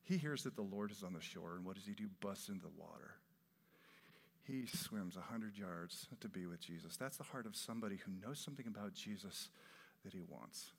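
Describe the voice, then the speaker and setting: A man preaching a sermon in a conversational, expressive way, his voice swelling for emphasis. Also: low-pitched, brisk, vocal fry. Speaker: pastor. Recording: long reverb of a large hall.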